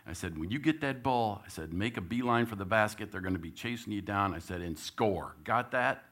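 A man, a church elder, telling a lively story in a sermon and acting out his own lines. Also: lowish voice, brisk.

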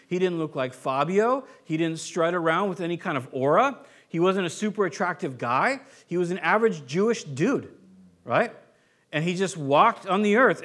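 A man's voice: high-pitched, a bit bright. A man preaching a sermon in an informal, explanatory way, like a pastor teaching his congregation. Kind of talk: conversational sermon.

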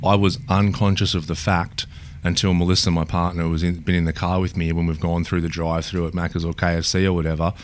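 An Australian man co-hosting a podcast in casual chat, speaking clearly and pronouncing each word well. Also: low voice, little pitch movement, fast. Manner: clear, well-spoken delivery. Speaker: podcast co-host.

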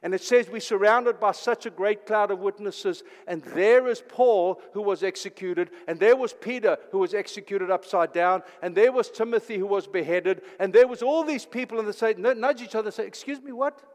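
A high-voiced older man delivers an impassioned sermon from the pulpit. He swings between loud, urgent declarations and hushed, almost whispered phrases. His voice carries a long reverb from the church hall. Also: normal speed, few pauses. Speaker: pastor.

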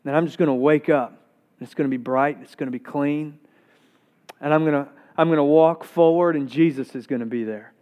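A male pastor preaching a sermon with energy, repeating words as he gets excited. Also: fairly high pitch, brisk, lo-fi sound.

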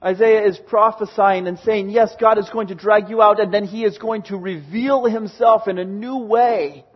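Husky-voiced male preacher, dramatic sermon. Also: fairly even intonation, moderate pace, muffled recording. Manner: reads scripture aloud with dramatic swings from booming to hushed.

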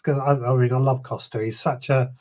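A man's voice: mid-range voice, fairly even intonation, brisk, darkish tone. A man, co-hosting a podcast in casual, enthusiastic chat. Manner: enthusiastic, agreeable. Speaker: podcast co-host.

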